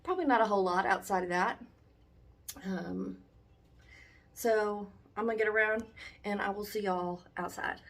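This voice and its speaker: A woman's voice: medium pitch, moderate pace, pauses often. A woman chatting casually to her phone camera, rambling with many ums, talking at home and later outdoors on a walk. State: a little out of breath. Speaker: vlogger. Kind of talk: casual vlog chat. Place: home indoors, then outdoors on a run. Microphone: handheld phone.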